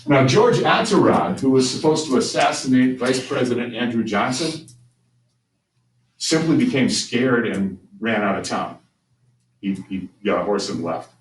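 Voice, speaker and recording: A man's voice: mid-range voice, lively intonation, measured pace. A man teaching a history class, telling the story conversationally with frequent restarts. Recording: roomy, distant mic with faint ambient noise.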